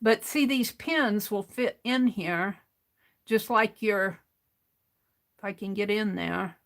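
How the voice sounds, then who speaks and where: This woman speaks slowly at a medium pitch. She's running a craft livestream, and her explanation of cleaning a paint bottle wanders, with sentences that start over as she works with her hands.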